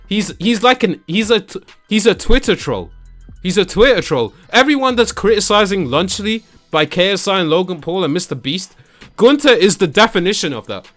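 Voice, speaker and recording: A young man recapping wrestling shows in a casual vlog, excitable and slangy, laughing often and mimicking the wrestlers. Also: high voice. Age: young adult. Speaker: wrestling YouTuber. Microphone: camera that tracks him.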